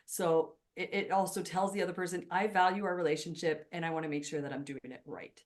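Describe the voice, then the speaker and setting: A woman whose first language is French, hosting a podcast conversation, talking fast and emphatically. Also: on the low side, fairly even intonation. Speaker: podcast host. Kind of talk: casual conversation.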